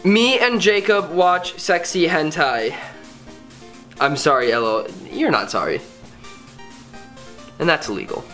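A man's voice: on the high side, expressive, unhurried, pauses often, fairly bright tone, soft background music. A young man casually reading viewer comments aloud and joking about them in a playful, mock-dramatic way. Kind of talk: casual comedic vlog.

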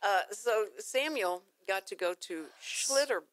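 A woman's voice: medium pitch, expressive, measured pace, no room sound. An older woman, hosting a casual radio talk show in a chatty, teasing way.

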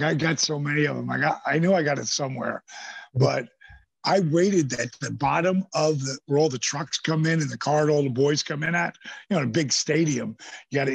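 Gravelly, husky man telling wild stories. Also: mid-range voice, no echo. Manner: animated, swears freely, acts out voices in stories. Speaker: podcast guest, former pro wrestler. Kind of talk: casual storytelling interview. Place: podcast studio.

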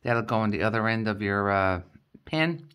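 A woman's voice: a bass voice, lively intonation, normal speed, fairly bright tone, clear, resonant tone. A middle-aged woman vlogging a craft kit unboxing, explaining each item in a chatty, step-by-step way. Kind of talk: casual unboxing chat.

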